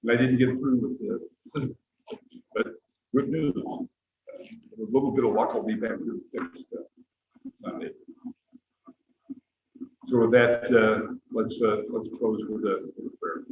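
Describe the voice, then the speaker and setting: A man's voice: medium pitch, fairly even intonation, a little slow, long pauses. An older man leads a church Bible class in a rambling, earnest way, with many fillers. His voice sounds thin and phone-like, with a roomy echo and faint hiss behind it. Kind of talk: sermon-like class talk and prayer. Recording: tinny echoey room recording.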